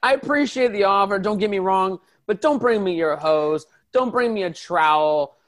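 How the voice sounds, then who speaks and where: Guy with a high voice rambling deadpan in an improv bit. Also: normal speed. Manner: deadpan, mock-serious, rambling. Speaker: comedy podcast host improvising. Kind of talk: improv comedy.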